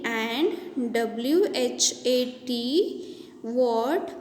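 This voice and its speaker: A woman's voice: high voice, darkish tone. A woman teaching a children's lesson, spelling each word letter by letter before saying it. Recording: echoey room with long reverb, faint background noise.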